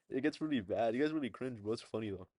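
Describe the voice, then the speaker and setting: A young man in casual podcast chat, with an average-pitched voice. He talks in relaxed slang in quick bursts and chuckles a lot. The sound is dry and close. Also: no echo. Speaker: podcast co-host.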